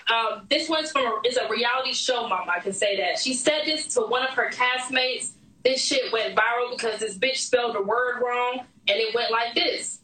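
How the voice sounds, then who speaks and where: A woman's voice: a little high, moderate pace, bright, forceful tone, far from the mic. A woman hosting a casual quiz game, joking and laughing, with a loose, profane way of talking. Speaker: host. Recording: echoey room, off the mic.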